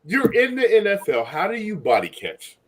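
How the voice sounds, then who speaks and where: A man's voice: high voice, wildly swooping pitch, normal speed, a loud crowd. A man hosting a casual live-stream chat, laughing and joking in slangy banter. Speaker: podcast host.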